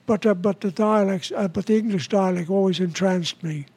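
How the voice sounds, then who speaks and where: A man in his nineties from New York, a guest comedian telling stories in a halting way, with restarts and chuckles. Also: sits high, a little mellow, husky. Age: 90s. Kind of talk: casual storytelling interview.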